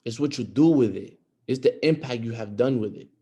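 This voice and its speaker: A man's voice: mid-range voice, a little fast, warm tone, highs cut off. A young man giving an earnest motivational talk on a group call, repeating his points and growing emphatic. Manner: earnest, repetitive, rising to emphatic.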